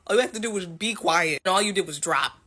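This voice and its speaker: A woman talking casually in an excited, gushing way, laughing between remarks. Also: fairly low pitch, fast talker, slightly rough. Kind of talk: casual opinion video.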